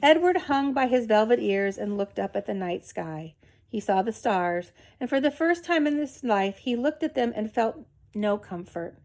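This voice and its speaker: A woman reading a children's novel aloud in a measured, expressive storytelling manner. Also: a little high. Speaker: reader.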